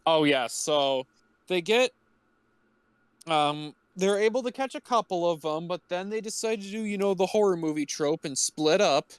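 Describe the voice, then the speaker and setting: A man co-hosting a podcast, summarizing a movie plot in halting casual chat with many fillers. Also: high-pitched, animated, clean tone, no room sound. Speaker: podcast co-host.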